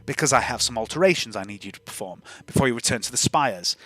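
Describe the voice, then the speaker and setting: A man's voice: medium pitch, animated, fast talker, fairly bright tone, no echo. A man playing a stern, formal woman in command. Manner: clipped, formal and bossy.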